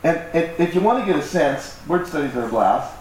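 A man's voice: a little high, expressive, fairly quick, darkish tone, recorded from a distance. A man preaching a conversational sermon as pastor, joking about himself and acting out voices. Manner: conversational, self-deprecating, acts out voices. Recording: echoey hall, mic from afar, faint noise.

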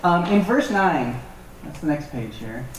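A man teaching a Bible passage in a relaxed, conversational way with joking asides. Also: a little high, a little slow, slight background noise. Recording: echoey room from far off.

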